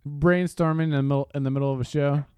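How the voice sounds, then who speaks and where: Man, laid-back podcast co-host, smooth clear voice, dry and close. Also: a little high, steady tone, fast talker, mellow, dry recording. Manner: laid-back, laughing, reactive. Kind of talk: casual podcast chat.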